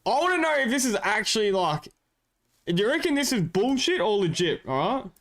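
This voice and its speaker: A man's voice: sits high, big pitch swings, a little fast, a bit bright. An Australian man streaming, rambling in slangy casual chat with his viewers and swearing a lot.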